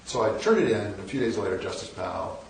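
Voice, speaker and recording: A man's voice: on the low side, animated, fast, vocal fry, slight background noise. A man in his sixties telling wry, self-deprecating anecdotes as a guest lecturer, with frequent restarts. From northern United States. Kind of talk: storytelling lecture. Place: large lecture hall. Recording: echoey hall, mic at a distance.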